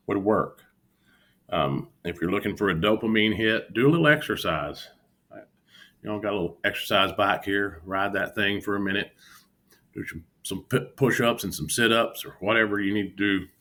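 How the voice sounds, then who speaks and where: A man's voice: on the low side, normal speed, bright, forceful tone. A man talking candidly about his trading setbacks in an earnest, self-critical vlog monologue from home. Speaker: futures day trader vlogger. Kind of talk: candid reflective monologue to camera. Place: home room with an exercise bike.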